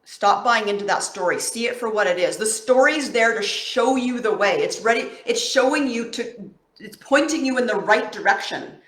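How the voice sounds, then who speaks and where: A woman's voice: a little high, expressive, moderate pace, a bit bright, echoey room. A woman coach giving a casual motivational talk to camera in an encouraging, affectionate, conversational way.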